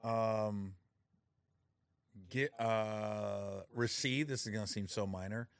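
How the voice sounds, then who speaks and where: A middle-aged man with a gravelly, creaky voice tells stories in relaxed conversation and slips into the voices of the people he quotes. The sound is dry and close, with no room around it. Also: slow, no echo. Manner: storytelling, acts out quotes with rising pitch and laughter. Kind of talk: casual chat.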